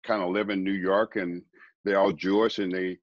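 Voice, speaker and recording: A middle-aged man, a guest preacher, telling his life story in a rambling, quiet way, often repeating words. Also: low-pitched, flat delivery, normal speed, dry recording, muffled recording. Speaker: guest, former baseball player turned preacher. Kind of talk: conversational storytelling.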